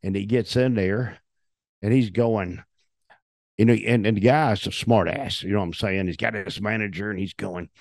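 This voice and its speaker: Low-voiced profane older storyteller man. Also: moderate pace, dry recording, studio quality. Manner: profane, animated storyteller acting out quotes. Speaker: interview guest, retired wrestler. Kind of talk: storytelling in a shoot interview.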